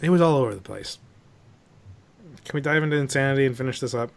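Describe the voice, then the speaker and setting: A man's voice: fast, vocal fry. A man co-hosting a casual movie podcast, ranting and swearing as he picks apart a film. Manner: animated ranting, swears, mocks with sudden pitch jumps. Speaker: podcast co-host. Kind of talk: casual movie review chat.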